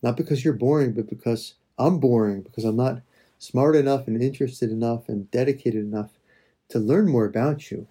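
Calm, husky male prayer voice. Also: medium pitch. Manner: slow, reflective, with soft pauses. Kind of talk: meditative spoken prayer.

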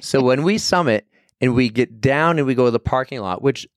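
A man's voice: mid-range voice, brisk, no echo. Man telling a rambling story on a dry close mic. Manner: animated, rambling, acts out quoted people. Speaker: guest. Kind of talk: casual storytelling chat.

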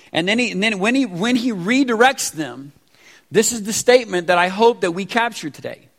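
A pastor in his forties who preaches a sermon in a casual, animated way with slangy asides. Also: sits high, normal speed. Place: church sanctuary. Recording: reverberant church hall.

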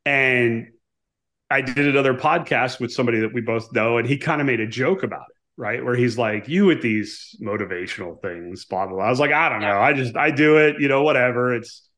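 Male guest in his forties, mid-pitched, casual storyteller who acts out dialogue. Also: a little fast. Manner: animated storyteller, acts out quoted dialogue, frequent "right?". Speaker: guest, author and former navy pilot.

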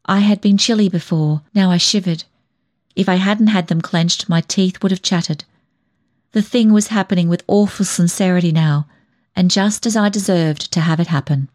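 A woman narrating an audiobook in a gentle, reflective way. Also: lowish voice, normal speed, no echo, clean studio sound. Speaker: audiobook reader.

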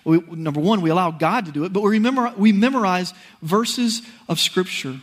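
High-pitched animated preacher man. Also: a little fast. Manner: animated storytelling, folksy and conversational. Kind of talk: sermon with personal story.

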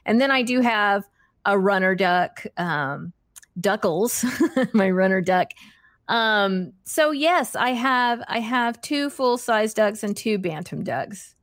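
A woman chats casually on a livestream, reading out viewers' questions and answering in a warm, rambling way. She laughs often, stumbles and restarts her sentences, and pokes fun at herself. Her voice sits at a middle pitch, recorded close and dry with no room sound. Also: animated, takes it slowly, no room sound. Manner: chatty, giggly, self-deprecating, many fillers and restarts. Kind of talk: casual live chat.

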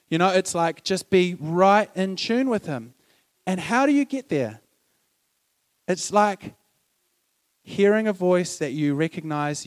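A man preaching a sermon in a conversational, storytelling way, acting out quoted dialogue and asking the congregation questions. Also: sits high.

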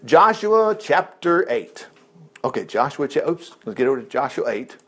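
A man preaching a lively sermon, reading scripture with loud exclamations and quick low asides. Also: slightly rough.

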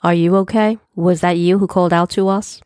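A woman reading a story aloud, voicing a tall, calm male police officer who asks level, businesslike questions. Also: fairly low pitch, a little fast, clean tone, dry recording, studio quality, close to an everyday voice.

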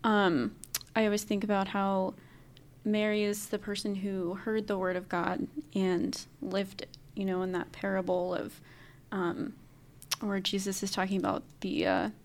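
Woman guest sharing thoughts slowly, um-ing a bit, average pitch. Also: slight background noise. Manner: thoughtful, hesitant with fillers. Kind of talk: casual chat.

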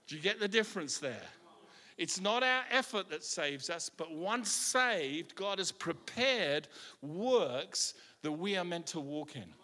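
A man with a high, pushed, bright voice preaches passionately. He often repeats his words as he starts each line, and the hall is echoey.

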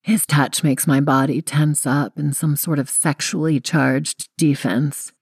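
A woman's voice: low voice, steady tone, a little slow, darkish tone, breathy edge, dry recording. Young woman narrator, wry first-person audiobook read, dry close studio sound.

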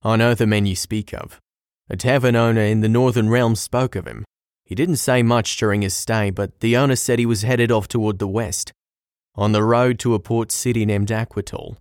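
A man's voice: on the low side, steady tone, moderate pace, no room sound, studio quality, close to an everyday voice. A man voicing a hearty, worldly male distiller who tells old legends and gives warnings to a friend. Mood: grave.

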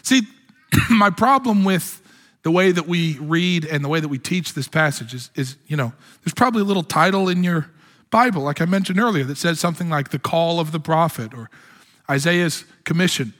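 A man's voice: fairly high pitch, normal speed, a bit bright. A man preaching a sermon as pastor, with impassioned delivery that climbs to exclamations. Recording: long hall reverb.

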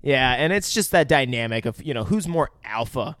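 Podcast co-host, male, mid-pitched, loose profane recap voice, dry close mic. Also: animated, normal speed, fairly bright tone, no echo. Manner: profane, rambling play-by-play retelling. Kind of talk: casual chat.

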